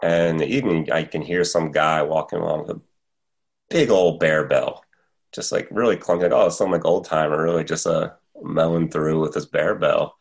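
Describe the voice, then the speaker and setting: A man who hikes, telling a story as a podcast guest in a casual, animated way, his voice jumping up at the scary parts. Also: rumbling low, moderate pace, creaky.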